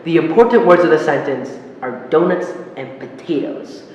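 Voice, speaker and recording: A man giving a public speaking lesson, explaining clearly and demonstrating intonation with spoken examples. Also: on the high side, expressive, moderate pace, darkish tone, dull audio. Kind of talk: instructional talk to camera. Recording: very echoey hall, faint noise.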